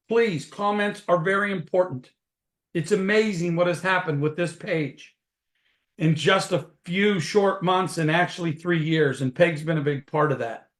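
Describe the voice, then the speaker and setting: A man leading a network marketing webinar, telling his story in an energetic, folksy way over a computer mic on a video call. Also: high voice, echoey room.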